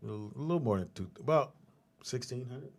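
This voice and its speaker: A man's voice: mid-range voice, animated, normal speed. Joking man telling gym stories. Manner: loose, joking storyteller with bursts of loud voices. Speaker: father, podcast guest. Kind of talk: casual chat on a podcast.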